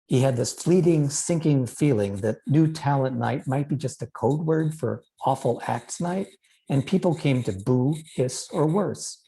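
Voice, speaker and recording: A male author reads his own novel aloud, measured and expressive. His voice is dark and warm, with a gravelly edge in the low notes. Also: low-quality recording. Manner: measured, expressive literary reading.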